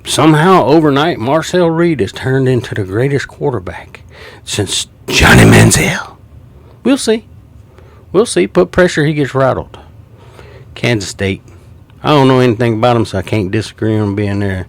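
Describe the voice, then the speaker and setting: A man's voice: medium pitch, expressive, normal speed. A man, ranting profanely about college football rankings. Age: 50s. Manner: profane, heated and mocking. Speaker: sports commentator. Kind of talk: ranting sports commentary.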